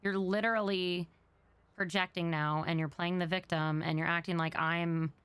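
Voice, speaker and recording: A woman speaks in character during a role-play scene, low in pitch with a smooth, clean tone. She is earnest and explains her feelings at length. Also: steady tone, moderate pace, a bit bright, dry recording.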